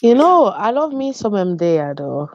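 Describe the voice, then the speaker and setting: A woman's voice: mid-range voice, very animated, moderate pace, darkish tone, no echo. A woman hosting a live online panel in casual banter, giggling and trying out a put-on accent that keeps shifting. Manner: playfully putting on a changing accent, giggly. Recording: dull lo-fi online call audio.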